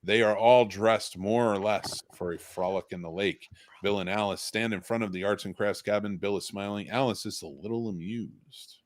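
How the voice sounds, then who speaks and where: A man hosting a charity livestream, reading script stage directions in a plain, steady way. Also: lowish voice, normal speed, no room sound. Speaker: stream host.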